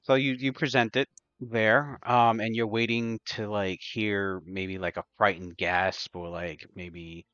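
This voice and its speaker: A man running a tabletop game as game master, explaining rules with many pauses and fillers. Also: on the low side, level tone, a bit bright, clear, resonant tone, dry recording, highs cut off.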